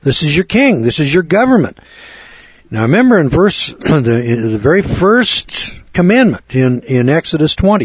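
A man preaching a sermon, sarcastic and fiery, dropping to low asides and rising to loud outbursts. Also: sing-song, normal speed, breathy edge, no room sound. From United States. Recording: dry, dull lo-fi recording.

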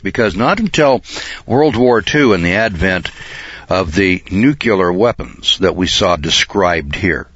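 Deep-voiced male preacher, scripture reading and commentary, throat-clearing habit, dry close sound. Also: a bit bright, no room sound. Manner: reads scripture aloud then explains it. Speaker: preacher teaching prophecy. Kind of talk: sermon-style Bible teaching. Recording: dull, lo-fi dry recording.

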